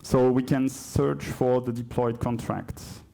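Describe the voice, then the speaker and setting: In a conference hall, a man with a French accent runs a live coding demo, his medium-pitched voice mellow and flat, slow-paced, with some vocal fry. He speaks hesitantly, corrects himself often, and chats off-topic now and then.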